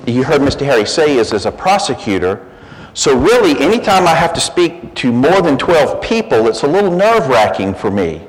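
A man, speaking as a guest at a church pulpit, telling a joke with folksy, self-deprecating humor. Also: medium pitch. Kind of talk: church talk opening with a joke. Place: church sanctuary. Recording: long church reverb, faint hiss.

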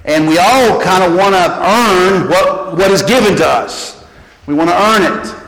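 A man preaching a sermon as pastor, animated and repeating key phrases. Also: high voice. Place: church sanctuary. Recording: echoey church hall.

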